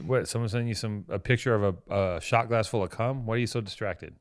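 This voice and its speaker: This is a man with a low-pitched voice, co-hosting a casual podcast in a loose, crude way. He teases and jokes, then drifts into long, meandering stories. The sound is dry, with no room around it. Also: quick pace, no echo. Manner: crude, teasing, rambling storyteller. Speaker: podcast co-host.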